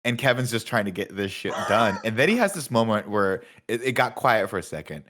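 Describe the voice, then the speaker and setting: A man's voice: on the low side, fairly quick, a bit bright. A man co-hosting a podcast, telling self-mocking stories in a casual, joking way. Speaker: podcast co-host. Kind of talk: casual chat.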